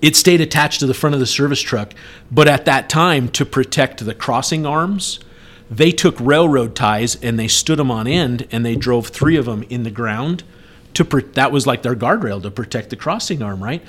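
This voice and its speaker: A man's voice: medium pitch, normal speed. Middle-aged man telling a wild story. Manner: animated, acts out yelled quotes. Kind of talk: casual storytelling chat.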